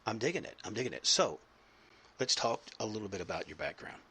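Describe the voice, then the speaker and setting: A man with a lowish, husky voice that still sounds bright and forceful. He hosts a podcast interview in a loose, rambling, jokey way. His talk is full of fillers. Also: very animated, fast talker. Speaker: podcast host.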